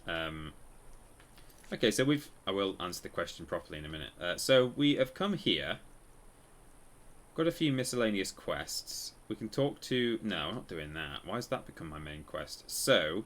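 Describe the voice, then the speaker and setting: A man's voice: low-pitched, animated, moderate pace, fairly bright tone. A man casually commenting while he plays a game on a live stream, rambling and correcting himself as he tells stories. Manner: rambling, self-correcting storyteller.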